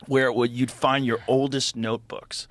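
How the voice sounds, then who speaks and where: A middle-aged man hosting a podcast, musing on ideas and swearing casually in relaxed conversation. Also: medium pitch, moderate pace, no echo. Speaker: podcast host.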